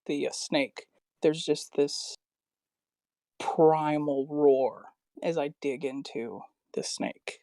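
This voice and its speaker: A woman with a low voice plays her character at a tabletop game. She speaks slowly and hesitantly, with fillers. The sound is dry and close. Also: mellow, no room sound. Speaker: player. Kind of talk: tabletop game role-play.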